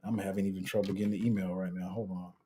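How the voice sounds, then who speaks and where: Young guy doing a live q&a, slangy and chatty, kinda dark mellow tone. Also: sits low, little pitch movement, rapid-fire, breathy edge. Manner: chatty, slangy, trails off and restarts while multitasking. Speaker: crypto livestream host. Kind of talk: casual live Q&A, reading chat.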